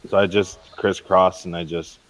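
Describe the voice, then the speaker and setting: A man playing in a tabletop game, playful and quick to laugh, slipping into his character's lines. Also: low voice, level tone. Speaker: player. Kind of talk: casual tabletop play.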